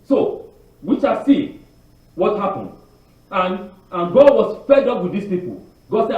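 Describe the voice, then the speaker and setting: A man preaching a sermon on the weekly Torah portion, animated, asking the congregation rhetorical questions and often repeating and restarting words. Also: high-pitched, a little slow, long pauses. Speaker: congregation teacher. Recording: very echoey, distant, dull lo-fi.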